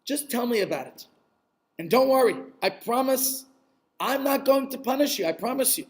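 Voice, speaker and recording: A man voicing a kind rabbi who gently reassures a frightened man in a told story. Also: extremely high pitch, a little slow, voice pushed up. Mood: kindly. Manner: soothing, reassuring. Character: kindly, gentle elderly rabbi.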